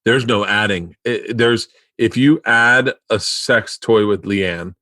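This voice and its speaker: A man hosting a podcast in casual chat, telling rambling, profane, excitable stories into a studio mic. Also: on the low side, slow, dry recording. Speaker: podcast host.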